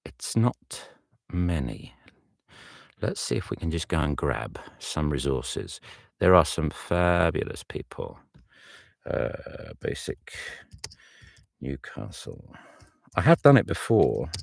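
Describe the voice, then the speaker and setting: A man's voice: a bass voice, very animated, slow pace, vocal fry, no echo, clean studio sound. A man, an audiobook narrator, muttering his thoughts aloud while working in his home recording booth. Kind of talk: casual behind-the-scenes commentary.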